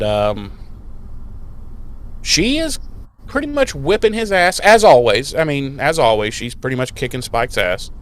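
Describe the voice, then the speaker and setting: A man's voice: fairly high pitch, clear, resonant tone. A man co-hosting a podcast, recapping an episode in casual chat and acting out the scenes with silly voices. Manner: animated, acts out scenes with silly voices and laughs. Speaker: podcast co-host. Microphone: podcast microphone.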